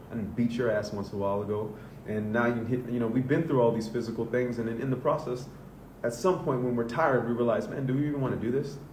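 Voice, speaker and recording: The man's voice comes across a little mellow and sits far from the mic. A men's coach from the Southern US, he swears openly while giving a sincere, relaxed motivational monologue in an echoey room full of rumbling noise.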